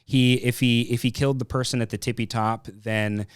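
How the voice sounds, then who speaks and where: A man's voice: mid-range voice, fairly even intonation, a little fast, clear, resonant tone, dry recording, clean studio sound. A man hosting a casual film review podcast, rambling and thinking aloud as he tells a story. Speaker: podcast host.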